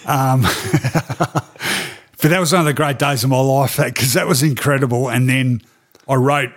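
A middle-aged Australian man recounting his years as a sports journalist in a relaxed interview. His voice sits at a medium pitch, and he speaks animatedly, with frequent ums and laughs. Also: a little slow. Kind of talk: animated storytelling in a podcast interview.

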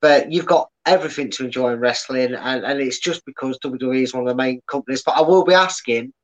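A man's voice: medium pitch, fast talker. A man, a podcast host chatting casually and plugging his channel, with many restarts and fillers. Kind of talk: casual chat. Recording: dull lo-fi sound.

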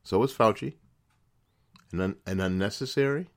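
A podcast host with a fairly low voice, speaking at a moderate pace, delivers an indignant political commentary monologue. He's emphatic, firing off rhetorical questions and repeating words as he builds his argument.

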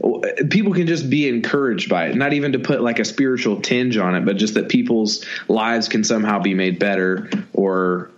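A man's voice: lowish voice, moderate pace, few pauses, highs cut off. A man co-hosting a podcast in casual chat, enthusiastic and rambling, with a self-deprecating streak. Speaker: podcast co-host.

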